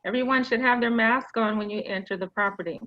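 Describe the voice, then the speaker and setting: A woman's voice: a little high, brisk, no room sound, lo-fi sound. Chatty woman giving a video-call training. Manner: informal, with many fillers and asides. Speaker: real estate trainer. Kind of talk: online training presentation. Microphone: video call mic.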